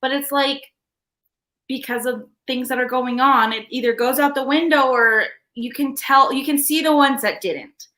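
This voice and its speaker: A young adult woman hosting a podcast live stream, telling stories in a chatty, animated way. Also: high-pitched, normal speed. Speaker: podcast host. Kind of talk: casual live-stream chat.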